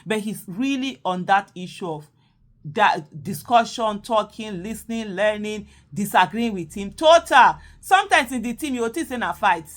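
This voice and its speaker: A Nigerian woman talks in a loose, animated monologue. She repeats herself for emphasis and drops Pidgin phrases into her English. Her voice sits at a middle pitch for a woman. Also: normal speed. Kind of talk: casual monologue.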